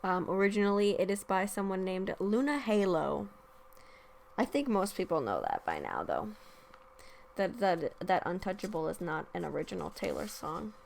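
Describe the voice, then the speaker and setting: A woman's voice: fairly low pitch, sing-song, normal speed, gravelly, a little hiss or hum. A young woman hosting a casual solo podcast, chatting about songs with many ums and restarts and singing short quoted lines. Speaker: podcast host, music reviewer.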